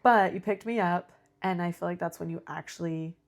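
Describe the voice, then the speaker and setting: A young woman co-hosting a podcast, relaxed and casual, with lots of fillers. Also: on the low side, moderate pace, vocal fry. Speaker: podcast co-host. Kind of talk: casual chat.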